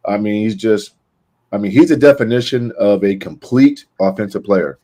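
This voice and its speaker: A man co-hosting a basketball podcast, explaining plays in a measured, analytical way. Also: on the low side, dark tone. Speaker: podcast co-host. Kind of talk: casual sports analysis.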